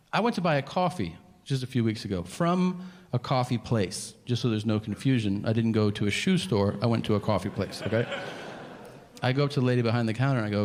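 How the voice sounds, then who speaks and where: A man doing stand-up, telling a story in an exasperated, incredulous, profane way, his voice jumping high in disbelief. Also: a little fast, slight background noise. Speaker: stand-up comedian. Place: comedy stage with a laughing audience. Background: audience laughter.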